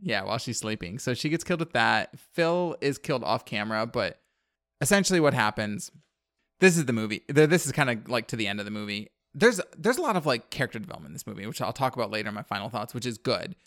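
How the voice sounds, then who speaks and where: A man's voice: medium pitch, sing-song, fast, fairly bright tone, no room sound, studio quality. A man on a podcast casually recapping a horror movie plot, rambling with lots of fillers and wry asides. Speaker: podcast co-host.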